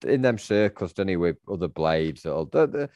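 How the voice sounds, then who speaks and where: A man's voice: deep voice, animated, moderate pace, warm tone, no echo, muffled recording. A man co-hosting a podcast, wry and joking, often stammering over his words. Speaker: podcast co-host. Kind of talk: casual chat.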